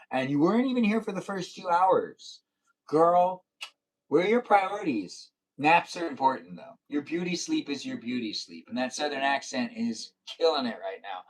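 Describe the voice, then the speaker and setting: A man chatting casually on a livestream, reading the chat aloud and teasing his viewers playfully. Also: mid-range voice.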